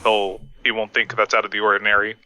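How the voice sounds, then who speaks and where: A man's voice: lowish voice, flat delivery, quick pace, pushed and bright, no room sound. A man playing a tabletop role-playing game, talking hesitantly with many fillers. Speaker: player. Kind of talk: tabletop game play, casual.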